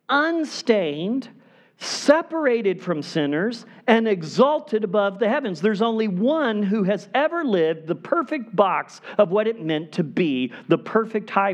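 A male pastor preaching a sermon in a high, strongly expressive voice that swoops up and down. He speaks unhurriedly and leans hard on key words, then drops almost to a hush to drive a point home. The delivery is earnest and emphatic throughout. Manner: emphatic preaching, dropping to hushed tones for emphasis.

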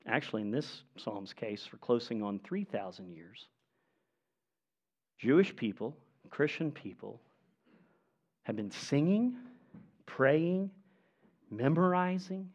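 A pastor preaching a sermon in an earnest, emphatic way, with measured pauses. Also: male voice, mid-range voice, animated, darkish tone. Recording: dull lo-fi recording.

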